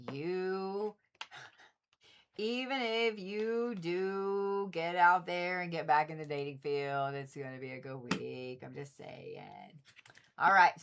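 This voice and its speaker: A woman's voice: fairly low pitch, a bit bright. A woman hosting a livestream, chatting casually and repetitively with viewers and swearing freely. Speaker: livestream host reading zodiac forecasts.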